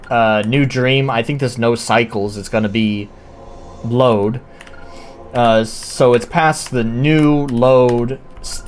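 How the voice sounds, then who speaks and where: A man streaming indie games live, giving casual, blunt commentary and swearing freely while he plays. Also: mid-range voice. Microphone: headset or desk mic, wears headphones.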